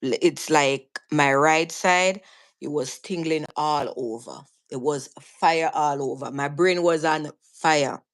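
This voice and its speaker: A woman's voice: low voice, slow pace. Jamaican woman telling her story earnestly. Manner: earnest, vivid, frequent restarts and repeats. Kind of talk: casual storytelling on a live stream.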